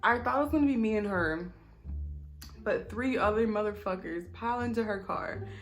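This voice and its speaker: A young woman tells a storytime vlog in a loose, animated way, full of swearing and quick asides. Her voice sits at a middling pitch, and soft music plays faintly underneath. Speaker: vlogger. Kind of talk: casual storytime.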